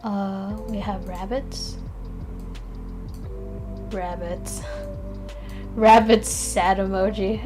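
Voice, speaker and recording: Over music, a tired woman chats casually on a live stream, mumbling to herself as she works, yawning and self-deprecating. She speaks extremely slowly with long pauses, in a steady, mid-range voice.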